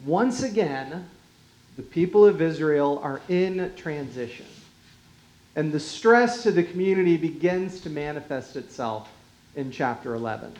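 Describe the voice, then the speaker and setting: A pastor preaching a sermon at a slow, deliberate pace. The voice is mid-pitched and often sinks to a quiet hush at the ends of phrases. It rings with a roomy echo. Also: lively intonation. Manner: measured, unhurried delivery with quiet drops in volume and light chuckles.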